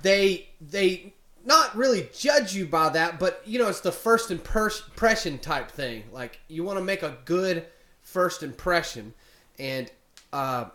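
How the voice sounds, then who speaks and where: A young male vlogger with a high, fairly bright voice tells a story to camera in an echoey room. His retelling of a complaint rambles casually and is packed with fillers.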